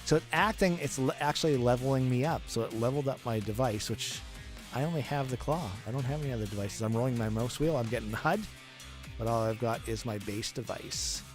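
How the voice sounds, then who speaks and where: A man's voice: medium pitch, a little fast. A man who develops games, casually talking through a test play of his own game and thinking aloud as he goes. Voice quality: chatty, thinking aloud with restarts. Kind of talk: casual gameplay commentary. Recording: music playing behind.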